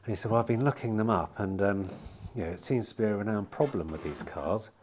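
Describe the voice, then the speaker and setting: A man's voice: fairly low pitch, quick pace, darkish tone, a little hiss or hum. A middle-aged man, a used car dealer, chatting casually and rambling to camera, swearing now and then. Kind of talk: casual vlog chat to camera. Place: outdoors in bright sun at a car lot.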